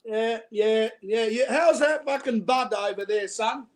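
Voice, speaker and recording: A man's voice: very high voice, a little slow. A man with an Australian accent, a guest calling in, talking in a rambling, chatty way and swearing freely. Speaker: call-in guest. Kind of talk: casual chat.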